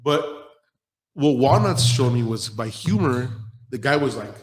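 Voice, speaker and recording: A man's voice: medium pitch, lively intonation, measured pace. A man hosting a podcast in a casual, profane style, telling blunt stories and acting out the people he quotes. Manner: blunt storyteller who acts out quoted people. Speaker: podcast host.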